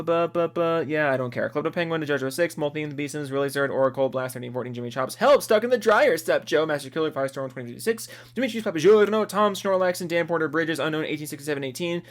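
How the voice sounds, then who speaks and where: A man from Seattle reading out a long list of supporter names into a close desk microphone, excitable and profane, laughing at his own slips. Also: on the high side, quick pace, hardly any pauses. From US, Seattle area. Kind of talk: rapid-fire casual list reading.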